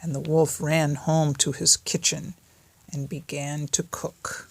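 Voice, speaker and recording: An older woman, a grandmother, gently reading a bedtime story aloud in a home recording. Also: low-pitched, little pitch movement, takes it slowly, gravelly, a little hiss or hum.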